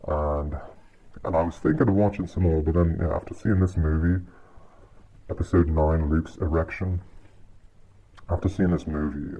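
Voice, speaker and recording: A man's voice: sits low, steady tone, moderate pace, long pauses, dark tone. A man giving a casual, exasperated movie rant on his channel, swearing often and sighing between points. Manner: exasperated, profane, frequent sighs. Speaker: video creator reviewing a movie. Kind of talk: casual ranting commentary. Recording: dull lo-fi audio with faint hiss.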